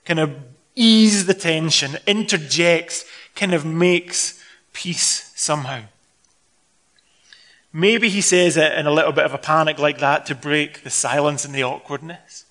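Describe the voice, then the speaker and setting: A Scottish man preaching a sermon in a conversational, expressive way, acting out the scenes he describes. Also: fairly high pitch. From Scotland.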